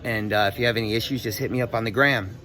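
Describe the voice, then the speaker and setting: A young man telling a story in a casual, profane, animated rant full of street slang. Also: fairly low pitch, racing, a little hiss or hum. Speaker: vlogger.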